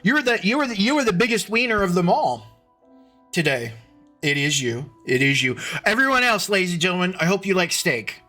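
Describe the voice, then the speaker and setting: Male streamer, high and bright tone, loose rambling chat host, faint music bed. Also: very animated, a little fast. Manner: rambling, restarting sentences, greeting chat by name. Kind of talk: casual live-stream chat. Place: at home computer.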